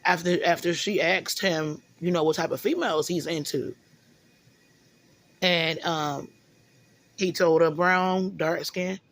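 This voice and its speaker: A woman with a lowish, steady voice vents in a casual monologue, taking it slowly with long pauses. She rambles, often stumbles over repeated words, and frequently says "you know what I'm saying".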